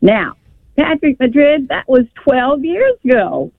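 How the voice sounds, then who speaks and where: A woman's voice: high voice, sing-song, slow, vocal fry, dry recording. Older woman, radio caller, emotional rambling storyteller, tinny phone sound, dry line. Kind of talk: call-in radio conversation. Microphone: telephone.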